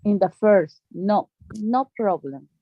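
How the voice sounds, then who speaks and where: A woman whose first language is Spanish, learning English in a live online lesson; she speaks haltingly, in broken English, and corrects herself often. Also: mid-range voice, expressive, no room sound, highs cut off.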